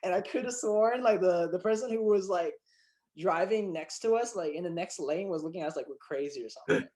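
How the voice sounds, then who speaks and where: A man, a filmmaker and actor guest telling stories in a casual interview, excitable and animated, with many fillers and restarts. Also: high voice, a little fast.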